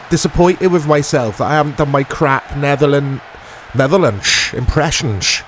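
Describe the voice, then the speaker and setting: A man hosts a gaming channel, chatting and joking through a let's play, laughing often and bursting into excited play-by-play. He has a medium-pitched voice and speaks slowly, with slight background noise.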